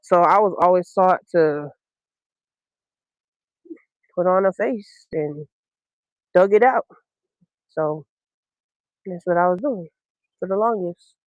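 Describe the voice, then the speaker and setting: A woman from Brooklyn, hosting a podcast and telling a personal story in a candid, slangy, unhurried way with many ums. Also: on the low side, no room sound, dull audio. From Brooklyn, New York. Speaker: podcast host.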